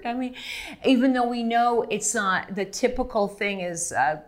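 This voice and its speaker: A woman's voice: fairly high pitch, moderate pace. A middle-aged woman from Montreal, a guest speaking frankly and with animation in an interview, often laughing and restarting her sentences. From Montreal, Canada. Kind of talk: candid interview conversation.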